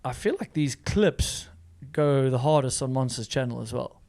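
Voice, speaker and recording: A man's voice: medium pitch, animated, moderate pace, a little mellow. A man hosting a podcast in casual, enthusiastic chat, laughing often and restarting sentences. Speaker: podcast host.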